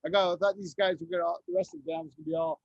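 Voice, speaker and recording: A man's voice: sits high, steady tone, racing, darkish tone, dry recording, dull audio. A man chatting as a guest musician, telling loose anecdotes full of swearing. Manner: loose, profane storytelling. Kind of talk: casual chat.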